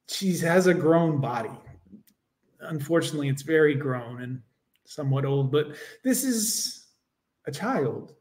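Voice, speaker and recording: A man's voice: on the high side, dark tone. A male host doing livestream reaction commentary, mocking and sarcastic, with crude asides to his viewers.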